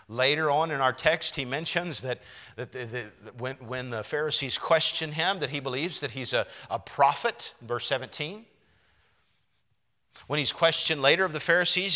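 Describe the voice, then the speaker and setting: A man's voice: fairly high pitch, pushed and bright. A man preaching a sermon, earnest and often repeating words as he searches for the next one. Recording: long reverb of a large hall.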